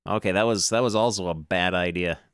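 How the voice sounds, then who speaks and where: A man's voice: low-pitched, fairly quick, fairly bright tone, smooth, no echo, clean studio sound. A man streaming a video game, reading its text aloud and adding wry, self-amused comments.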